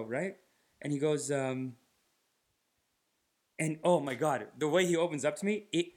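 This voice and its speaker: A man from Canada tells loose, rambling comic stories on his podcast. His voice sits a little higher than most men's. He swears casually and acts out bits as he goes. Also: normal speed, pauses often, darkish tone. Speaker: podcast host. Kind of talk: casual comedic storytelling.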